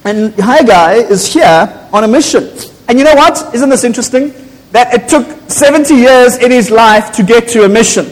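A man in his forties with a South African accent, preaching a sermon, rising to animated declarations and stumbling over repeated words. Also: very high-pitched, normal speed. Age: 40s. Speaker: pastor. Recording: long church reverb.

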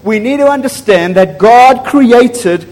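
A man preaching a sermon to a congregation in a church, excitable and prone to loud bursts, often asking the people questions. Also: very high-pitched, slow pace. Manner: excitable, gets loud and apologizes for shouting; asks the congregation frequent questions. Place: church hall. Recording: long echo of a large hall.

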